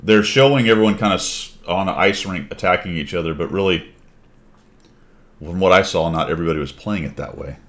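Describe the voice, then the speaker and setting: Male host, very deep voice, loose rambling chat delivery. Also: a little fast, a bit bright. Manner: rambling, thinking aloud. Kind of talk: casual chat.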